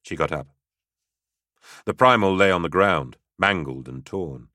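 A man narrating an audiobook in a steady, dramatic storytelling manner. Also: low-pitched, a little slow, no echo, studio quality.

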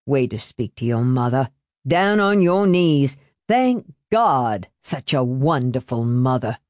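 A woman's voice: a bass voice, big pitch swings, takes it slowly, a little mellow, dry recording, voice pushed down, exaggerated voice. A woman voicing a pompous, smarmy older male family friend who talks in a preachy, unctuous way.

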